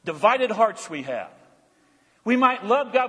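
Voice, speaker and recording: A man preaching a sermon in a church, swinging between loud proclamations and hushed, intense passages. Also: sits high, big pitch swings, a little slow, slightly rough. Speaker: pastor. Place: church sanctuary. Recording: long church hall reverb.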